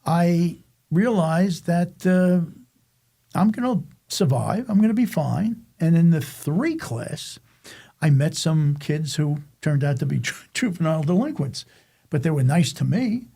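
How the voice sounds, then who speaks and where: Speaking a little slowly in a voice on the high side, an older man from Staten Island, New York, sounds animated, creaky, mellow, and slightly breathy. He's a podcast guest recounting his childhood in a rambling, self-interrupting way, frequently stopping and starting again.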